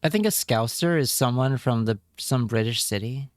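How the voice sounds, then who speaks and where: A man's voice: mid-range voice, normal speed, no room sound, studio quality. A man streaming live, chatting casually with his viewers and reacting with wry remarks and repeated words.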